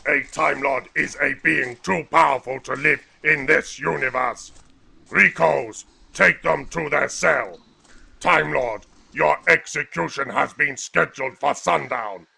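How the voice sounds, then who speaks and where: A man voicing a ruthless, commanding alien captain with a harsh, gravelly voice in an audio drama. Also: on the high side, a little slow, bright, forceful tone, exaggerated voice. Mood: menacing. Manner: commanding, menacing. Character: gruff rhino-like alien male captain, ruthless. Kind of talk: fan audio drama acting.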